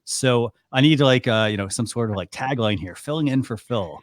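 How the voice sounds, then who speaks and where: A man's voice: mid-range voice, expressive, fairly quick, no echo, studio quality. A man hosting a live talk show in a loose, casual way with plenty of fillers. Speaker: host.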